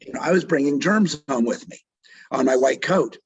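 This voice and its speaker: A man's voice: fairly high pitch, lively intonation, moderate pace, slightly rough, poor audio. A middle-aged man, a doctor and author, telling a story in an interview with earnest feeling and acting out the voices of the people in it. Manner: vivid retelling that acts out quoted speech; earnest, emotionally moved.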